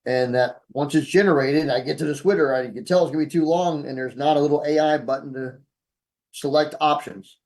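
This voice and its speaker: A man's voice: fairly high pitch, a little fast, darkish tone. Easygoing man asking on a call. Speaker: participant asking questions. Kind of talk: casual webinar Q&A.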